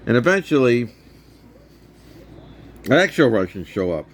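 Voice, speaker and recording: A man's voice: medium pitch, very animated, unhurried. A man in his fifties casually retelling and reviewing a movie for his vlog, rambling with many restarts.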